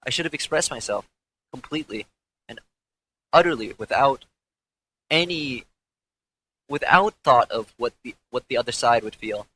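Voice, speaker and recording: A man's voice: mid-range voice, animated, moderate pace, long pauses, sharp tone, slight background noise, rough recording. A young man, a former pro gamer, recounting events in a candid interview, rambling and profane with frequent restarts.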